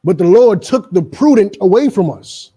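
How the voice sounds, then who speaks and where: A middle-aged man preaches a street sermon with a New Jersey accent. His voice sits high for a man, and he drives every point home by repeating it. He slips into mocking asides along the way. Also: big pitch swings, normal speed, warm tone, slightly rough. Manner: emphatic, repetitive, mocking asides in character.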